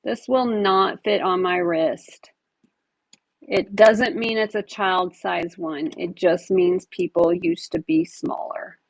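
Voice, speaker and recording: A woman's voice: mid-range voice, expressive, slow pace, gravelly, breathy edge, no room sound, low-quality recording. A woman chatting casually as she sells jewelry at a live online auction, describing each piece as she handles it. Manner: chatty, describes items while handling them. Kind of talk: casual live-stream selling chat.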